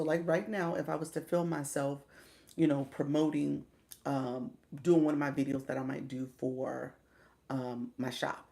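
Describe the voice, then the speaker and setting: A woman's voice: sits low, creaky, dark tone. A middle-aged woman coaching during a casual live stream, chatty, greeting viewers by name and laughing often. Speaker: livestream coach.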